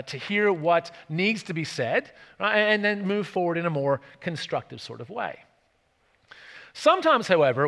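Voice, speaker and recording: A man's voice: a little high, a bit bright, big-room sound. An Australian man preaching a sermon in a church, chatty and full of tag questions and restarts.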